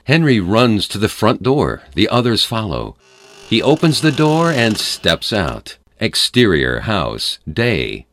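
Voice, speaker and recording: Deep-voiced man reading a screenplay. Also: slow, a little hiss or hum. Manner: plain, lively script reading. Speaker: narrator.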